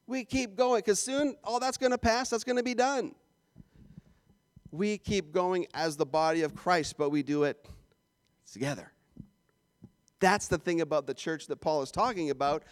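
A man from Canada preaching a sermon as pastor, animated and jokey with playful asides. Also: sits high, normal speed, long pauses, no echo, studio quality.

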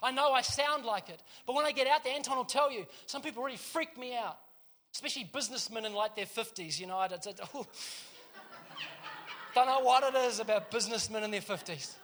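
Male preacher, high bright voice, animated and chatty, laughs a lot. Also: a little fast. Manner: animated storytelling, laughs often. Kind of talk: sermon. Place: church.

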